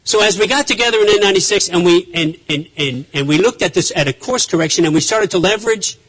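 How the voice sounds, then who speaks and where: A man with a fairly high speaking voice delivers a conference speech as a naval officer. He speaks emphatically and hammers points home through repetition, with frequent restarts. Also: quick pace, a bit bright, low-quality recording.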